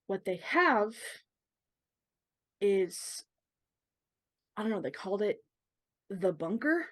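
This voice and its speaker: A woman speaking in character for a tabletop game, slow and hesitant, stopping often to find her words. Her voice sits at an ordinary pitch. The recording is close and dry. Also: very animated, no room sound. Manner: halting, searching for words with many fillers. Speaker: player. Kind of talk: in-character tabletop role-play.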